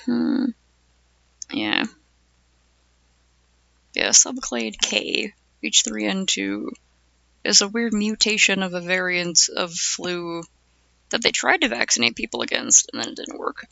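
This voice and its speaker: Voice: mid-range voice, big pitch swings, slow pace, long pauses, pushed and bright, dry recording. A young adult streamer chatting casually with viewers, phlegmy and coughing from the flu, rambling with lots of "like" and "uh". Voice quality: gravelly.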